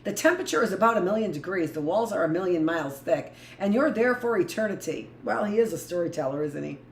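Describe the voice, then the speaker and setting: A woman's voice: lowish voice, lively intonation, quick pace. A middle-aged woman teacher reading a book aloud to a live class and breaking off into blunt, rambling asides. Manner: rambling, blunt asides between read passages. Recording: echoey room with faint noise.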